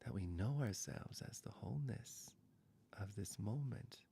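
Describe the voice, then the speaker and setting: A man giving a spiritual satsang talk, speaking softly and slowly, often half-whispered, with long pauses. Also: lowish voice, lively intonation, vocal fry, a little hiss or hum. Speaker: spiritual teacher.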